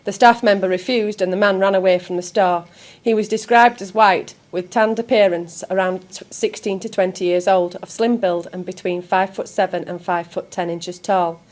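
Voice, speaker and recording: A woman, a community TV presenter reading local news in a measured, steady way. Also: medium pitch.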